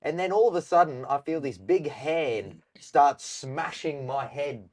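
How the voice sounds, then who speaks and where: A man's voice: on the high side, measured pace. Slangy man telling a story. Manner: animated storyteller, slangy, calls people bro. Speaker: co-host. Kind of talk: casual live-stream chat.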